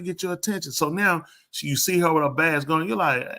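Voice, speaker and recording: Talking fast with few pauses and a fairly high pitch, this older preacher tells stories casually. He gets animated, raising his voice to act out the dialogue.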